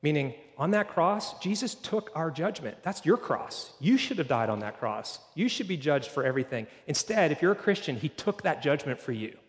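A man preaching a sermon in a church, earnest, slowing down to read scripture. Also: on the high side, big pitch swings, in a large hall. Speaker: pastor.

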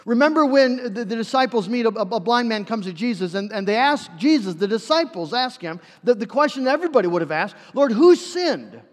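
Male pastor, high-pitched sermon voice, earnest storyteller, reverberant church hall. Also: expressive, a little fast, few pauses. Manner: earnest storytelling with acted-out quotes.

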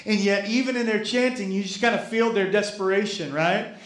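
A man's voice: high-pitched, moderate pace, a bit bright, echoey room. A male pastor preaching a sermon, repeating key phrases and calling on the congregation to respond. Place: church sanctuary.

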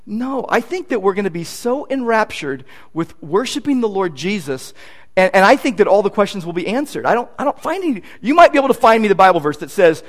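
Animated high-voiced male pastor preaching. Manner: animated, emphatic preaching with quick asides and repeated words. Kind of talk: sermon.

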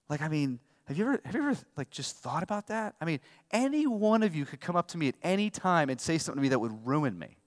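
A man preaching a sermon as pastor, emphatic, swinging between loud and hushed. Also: fairly high pitch, big pitch swings, a little fast. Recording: long hall reverb.

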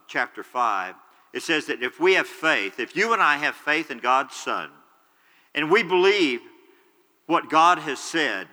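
A man's voice: mid-range voice, bright, forceful tone, big-room sound, low-quality recording. A man preaching a sermon, earnestly explaining scripture and retelling it in his own words.

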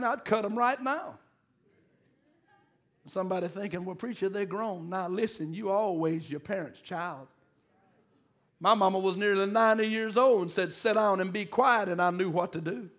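A middle-aged pastor preaching a sermon, calling out to the congregation and building to emphatic peaks. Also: male voice, high voice, fairly bright tone. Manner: call-and-response preaching, rising to emphatic peaks.

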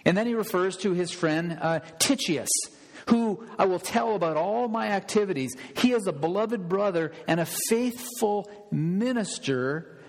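A man's voice: high-pitched, expressive, normal speed, big-room sound, low-quality recording. A man preaching a sermon as pastor, emphatic and repeating key phrases for stress.

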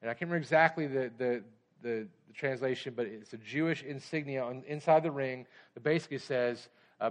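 A man's voice: mid-range voice, a little fast. A man preaching a sermon as pastor, pressing his points with urgent emphasis and slipping into conversational storytelling.

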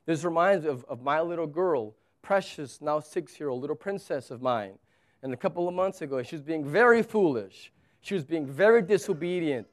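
Earnest preacher man, fairly high voice. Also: lively intonation, normal speed. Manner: earnest, repeats words when stressing a point. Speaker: pastor. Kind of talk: sermon.

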